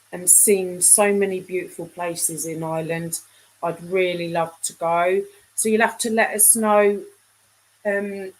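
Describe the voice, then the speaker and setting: Slow, rambling woman on a livestream. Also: mid-range voice, low-quality recording. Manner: chatty, rambling, trailing off mid-sentence. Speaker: livestream host. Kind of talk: casual live chat with viewers.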